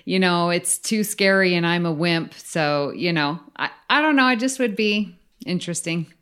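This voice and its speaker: Animated woman co-hosting a podcast. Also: fairly low pitch, moderate pace, clear, resonant tone. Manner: animated, chatty. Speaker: podcast co-host. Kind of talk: casual podcast chat.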